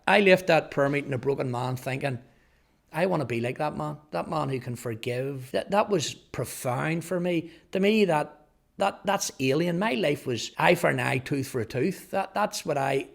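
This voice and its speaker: Man, personal testimony, slightly raised pitch, earnest, repeats words. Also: lively intonation, moderate pace, vocal fry. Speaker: testimony speaker.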